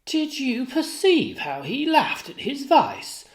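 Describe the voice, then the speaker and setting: Brief: manipulative schemer read aloud by a tutor, insinuating and goading, unhurried. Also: high-pitched, very animated, pitched above the performer's own voice, exaggerated voice. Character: scheming manipulative ensign, a grown man. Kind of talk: dramatic reading of a play.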